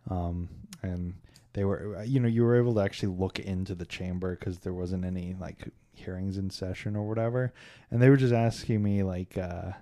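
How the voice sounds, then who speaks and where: A man's voice: deep voice, fairly even intonation, moderate pace, dark tone, no echo, studio quality. A man from Kansas City co-hosting a podcast, telling rambling stories in a wry, irreverent way. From Kansas City, USA. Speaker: podcast co-host. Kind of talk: casual podcast chat.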